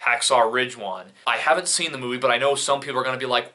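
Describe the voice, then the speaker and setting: A young man talking through film award results in a casual commentary. His voice is very bright and forward, and he drops sarcastic, opinionated remarks as he goes. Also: medium pitch, fast talker, few pauses. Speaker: film reviewer.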